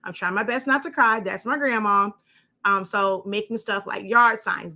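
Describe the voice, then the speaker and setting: Bright-voiced woman giving a chatty craft tutorial. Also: medium pitch. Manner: chatty, rambling, with many fillers and asides. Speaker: crafting instructor. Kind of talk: casual show-and-tell tutorial.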